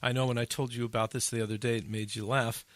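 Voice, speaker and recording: A man hosting a casual podcast chat, telling an animated story that climbs high at the funny parts. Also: fast talker, dry recording. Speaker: addiction interventionist, podcast host.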